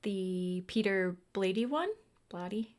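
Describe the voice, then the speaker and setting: A chatty young woman talks casually while carving a pumpkin. She muses out loud about books and drifts now and then into soft, quiet asides. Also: medium pitch, slow. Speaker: booktuber.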